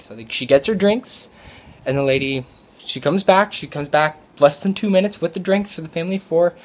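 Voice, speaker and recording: A man's voice: a little high, expressive, moderate pace. A young man who works as a restaurant server, telling a story in a casual, rambling way, with frequent fillers and restarts.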